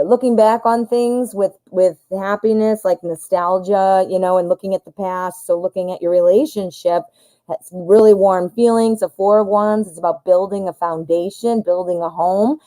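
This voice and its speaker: A woman's voice: medium pitch, warm tone, low-quality recording. A woman hosting a live tarot stream, reading cards in a chatty, upbeat way and talking straight to her viewers. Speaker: tarot reader, live show host.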